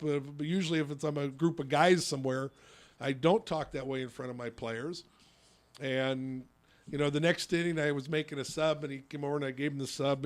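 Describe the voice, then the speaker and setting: Rambling storyteller, a man with a higher voice. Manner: rambling storyteller with many restarts. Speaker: radio show host and youth softball coach. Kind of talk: casual radio chat.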